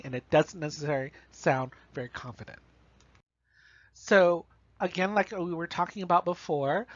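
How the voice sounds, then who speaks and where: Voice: medium pitch, a bit bright, no room sound. Casual college instructor, dull dry recording. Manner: casual, talks through examples with frequent "right?" and "you know". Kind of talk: recorded online lecture on writing.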